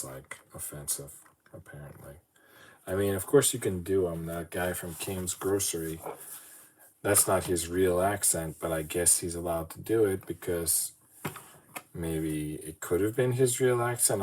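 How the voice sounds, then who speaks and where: A man with a very deep voice chats on his own podcast while putting together a brick model. He rambles, mutters to himself, and pokes fun at his own hosting. A clear layer of background noise sits under the recording. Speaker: podcast host. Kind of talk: casual solo talk while building a model.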